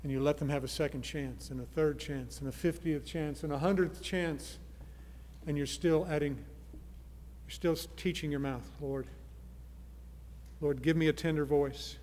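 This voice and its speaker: A man preaching a sermon, earnest, moving from soft pleading to loud emphasis. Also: fairly high pitch, fairly even intonation, moderate pace, big-room sound, slight background noise. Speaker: pastor.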